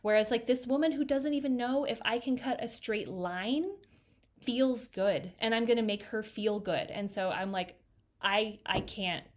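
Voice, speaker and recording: A woman's voice: a little high, normal speed. A woman hairstylist in a casual podcast conversation, telling a story with quoted voices acted out, recorded over a video call. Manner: lively storyteller who acts out quoted voices.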